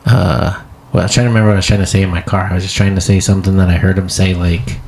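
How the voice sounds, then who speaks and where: A man's voice: deep voice, little pitch movement, racing, creaky, a little mellow, slight background noise. A man co-hosting a comedy podcast, chatting casually in a rambling, profane way with frequent restarts.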